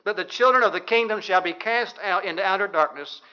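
A man's voice: high voice, fairly quick, sharp tone. A man preaching a sermon, reading scripture aloud in old-fashioned wording and asking his listeners questions. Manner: reads scripture in King James wording, asks the listeners questions. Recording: dull lo-fi recording.

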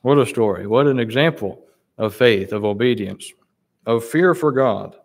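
A man preaches a sermon, reading scripture in King James wording and pressing his listeners with slow, emphatic rhetorical questions. His voice is medium-pitched with lively intonation.

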